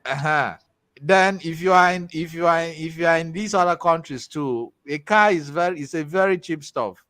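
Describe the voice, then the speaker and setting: A man from Nigeria with a Nigerian accent, teaching a tech class in a chatty, animated way with pidgin asides. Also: on the high side, moderate pace, no room sound. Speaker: tech instructor. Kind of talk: casual class talk with storytelling.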